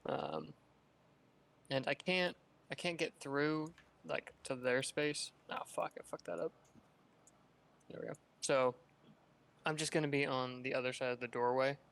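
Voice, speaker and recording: Smooth, flat-voiced man playing a game. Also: medium pitch, measured pace, long pauses. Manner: hesitant, full of "uh"s. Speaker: player. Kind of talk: casual tabletop play.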